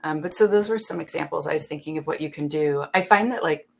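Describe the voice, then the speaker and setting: Low, gravelly woman telling a story. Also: fast. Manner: animated storyteller who acts out dialogue. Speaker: panelist. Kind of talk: casual panel discussion.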